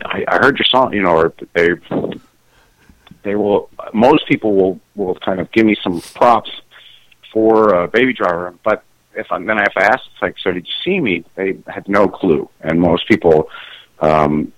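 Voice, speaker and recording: A middle-aged man with a very low, deep voice answers questions in a casual interview. He trips over his words, restarting sentences and laughing at himself. The sound is dry and close, with no room around it. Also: no room sound, low-quality recording. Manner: halting, full of restarts and fillers, self-conscious laughs. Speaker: musician guest.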